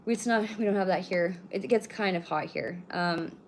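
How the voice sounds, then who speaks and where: Woman, 30s, low voice, rambling blunt streamer who swears freely. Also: normal speed, slight background noise. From British Columbia, Canada. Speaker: livestreamer. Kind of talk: casual live-stream chat.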